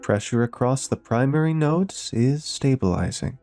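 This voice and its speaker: Calm precise lady scientist, man reads her a bit higher, soft mellow tone. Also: moderate pace, soft background music, lightly acted. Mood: focused.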